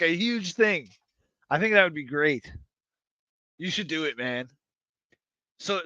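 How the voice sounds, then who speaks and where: Male streamer, higher-pitched, rambly and hyped, self-mocking, dull lo-fi mic. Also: pushed and bright, no echo. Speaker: livestream host. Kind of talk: casual livestream chat to viewers.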